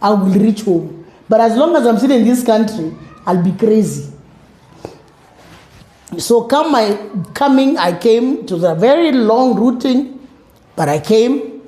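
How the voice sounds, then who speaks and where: A middle-aged woman with a Kenyan accent, telling her personal story as an interview guest, animated and acting out the voices of others. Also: mid-range voice, roomy sound. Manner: animated, acts out quoted voices, mixes in Swahili words.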